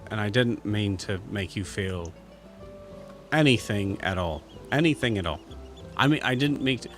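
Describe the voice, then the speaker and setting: A man voicing a sheepish female shopkeeper with a faint Irish accent, apologizing in halting, rambling bursts. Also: lowish voice, fairly bright tone.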